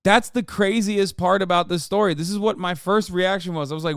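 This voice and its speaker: A man's voice: high-pitched, fairly even intonation, fairly quick, creaky, few pauses, fairly bright tone, clean tone, no echo, clean studio sound. A man streaming live, reacting to a clip in casual, blunt commentary full of swearing and disbelief. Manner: blunt, heavy swearing, incredulous.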